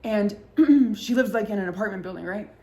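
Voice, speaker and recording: A woman tells a story in casual podcast chat, packing her talk with fillers and swearing freely. Her voice sits in an ordinary middle pitch. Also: warm tone. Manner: fast-talking, full of fillers and swearing. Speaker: podcast host.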